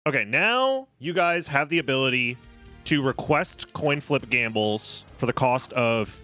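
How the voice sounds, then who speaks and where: A young man live-streaming a game, talking casually and snarkily to chat with a bright, forceful edge to his voice. Faint game music sits underneath him. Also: medium pitch, lively intonation, measured pace. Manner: snarky, sarcastic, swearing freely.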